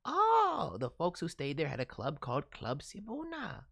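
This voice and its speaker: A woman chatting on a live stream as she voices viewers' characters, gushing with enthusiasm and filling pauses with stammers. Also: deep voice, huge pitch swings, gravelly, fairly bright tone.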